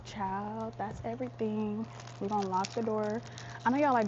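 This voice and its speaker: A young woman vlogs casually to camera on a handheld phone or camera, moving through her home, the stairs and outdoors. She's chatty, often calls viewers "y'all" and "child," and sometimes half-whispers to keep her business private. Her mid-range voice is fairly even at a moderate pace, with dull audio and background noise.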